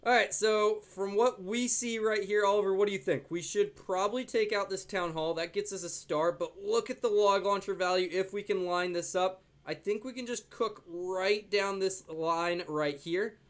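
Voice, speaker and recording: A man's voice: high voice, steady tone, moderate pace, hardly any pauses. Chatty young man narrating gameplay. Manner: chatty, jokey, talks to his dog in a soft baby voice. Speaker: gaming YouTuber. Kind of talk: casual gameplay commentary.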